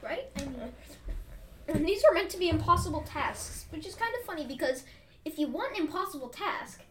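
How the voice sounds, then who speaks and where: A young woman with a high, lively voice chats playfully on a casual podcast, teasing her co-host. She sits off the mic in a roomy space, with faint noise behind her. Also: far from the mic. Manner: playful, quick to tease and laugh. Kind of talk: casual chat.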